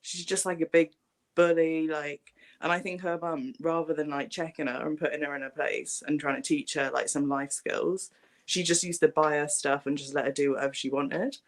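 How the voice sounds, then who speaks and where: A man's voice: a little high, fairly even intonation, normal speed. A man hosting a casual livestream chat, blunt and filling his speech with "like" at every turn. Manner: blunt, says "like" constantly. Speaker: livestream host.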